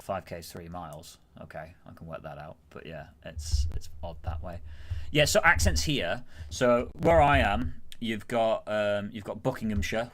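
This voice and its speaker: A man with a Greater Manchester accent, chatting casually as a guest on a stream and rambling with many fillers and self-corrections. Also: fairly low pitch. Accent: Greater Manchester English. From Greater Manchester, England.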